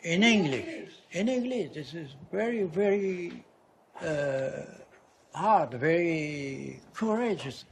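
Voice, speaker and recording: An older French-accented man speaking slowly and haltingly in broken English, with his voice a little high. He pauses often to search for words. There is faint background noise. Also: expressive. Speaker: comedian's father.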